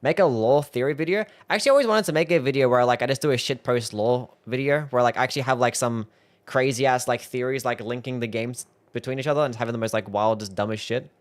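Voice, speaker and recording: A man's voice: mid-range voice, fast talker. Swearing, self-mocking young streamer guy. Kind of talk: live reaction stream.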